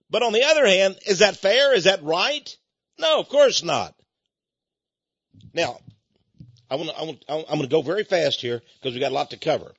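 An older man with a Texan accent, hosting a folksy, emphatic monologue that rises to loud peaks. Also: high voice, husky, no echo. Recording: dull lo-fi recording.

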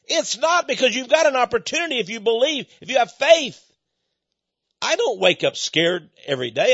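Guy preaching on the radio, husky, laughs a lot, folksy, dry muffled sound. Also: sits high, a bit bright, no echo. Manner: chuckles often, plainspoken and conversational. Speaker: radio minister.

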